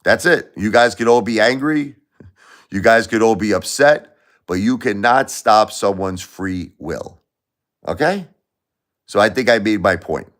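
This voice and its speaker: Guy doing a casual live stream, lowish voice, keeps repeating his point, gets loud then quiet. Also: animated, a little slow. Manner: emphatic, repetitive, swings between loud and quiet. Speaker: livestream host. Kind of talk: casual livestream chat.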